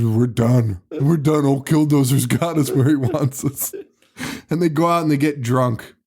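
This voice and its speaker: Laughing, swearing podcast host. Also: male voice, mid-range voice, a little mellow. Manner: laughing, profane, retelling scenes with mock quotes. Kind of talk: casual movie recap chat.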